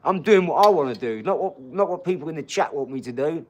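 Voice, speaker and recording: A man's voice: a little high, animated, fast, slight background noise. A man in his forties with a slightly raised voice. He talks bluntly and emphatically to his livestream chat, swearing freely and laughing often as he answers viewers' comments. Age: 40s.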